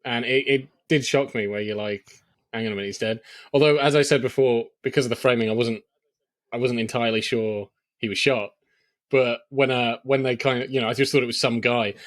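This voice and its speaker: Animated man with lots of fillers. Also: mid-range voice, fairly quick, no room sound, clean studio sound. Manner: animated, hesitant fillers, acts out quoted lines. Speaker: podcast co-host. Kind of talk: casual film discussion.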